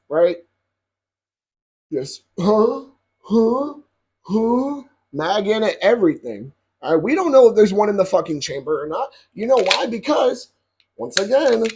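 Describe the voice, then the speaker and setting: A young man telling a story to his viewers in a casual, profane, animated way, often checking in with "right?". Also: sits high, vocal fry, a little hiss or hum.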